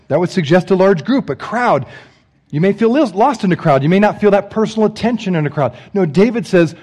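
A man preaching a sermon as pastor, conversational with joking asides to the congregation, swinging between loud emphasis and hushed phrases. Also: sits high, animated, brisk, husky.

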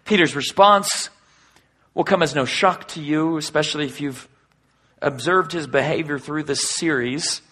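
A male pastor delivering a sermon with a husky, slightly raised voice. He reads scripture and comments on it, swinging from booming emphasis down to hushed near-whispers. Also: unhurried.

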